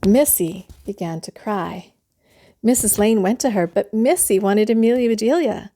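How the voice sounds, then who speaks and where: A woman reading a children's bedtime story aloud, gentle and soothing. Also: medium pitch, moderate pace, a little hiss or hum.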